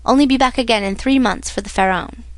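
A woman's voice: fairly high pitch, quick pace, no echo, lightly acted. A woman reading the part of a fatherly, encouraging older male shipowner in a storybook.

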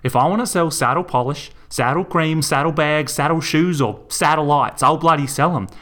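A man voicing a fierce middle-aged woman shopkeeper who shouts and swears in a raised voice. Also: medium pitch, quick pace, pitched above the performer's own voice, lightly acted. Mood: furious.

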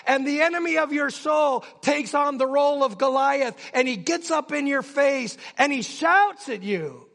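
An older man, a pastor, preaching a sermon with passion that builds toward near shouting. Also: very high-pitched, moderate pace, vocal fry, hardly any pauses.

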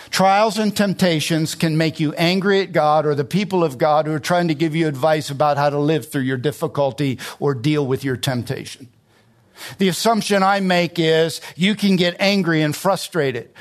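A middle-aged man preaching a sermon, driving home points by climbing in pitch on key words and drawing out phrases to stress them. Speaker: pastor.

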